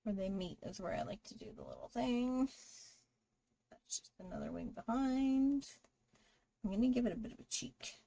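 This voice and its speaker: A woman's voice: a little high, very animated, moderate pace, vocal fry, long pauses, mellow. A woman hosting a live drawing stream, chatting casually with viewers and greeting them while she draws. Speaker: livestream artist host.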